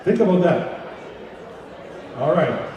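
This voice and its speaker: A man's voice: fairly high pitch, sing-song, takes it slowly, muffled recording. A man emceeing a live gala, chatting and ad-libbing to the room over a PA microphone. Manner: chatty, ad-libbing, addresses the crowd. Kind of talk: live event hosting and joke telling. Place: large banquet hall. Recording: echoey hall PA, from far off.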